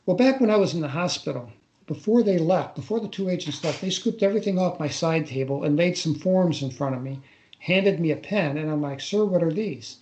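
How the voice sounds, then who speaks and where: An older man tells a personal story in a radio interview, his voice pitched a little high. He stops and starts often and repeats words as he remembers. The recording has a roomy echo. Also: darkish tone. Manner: halting, repeats words while recalling. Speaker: interview guest. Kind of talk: casual first-person storytelling.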